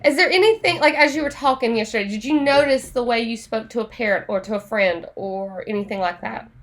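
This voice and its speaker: A woman teaching an online Spanish class in a chatty, animated way, laughing often. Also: on the high side, brisk.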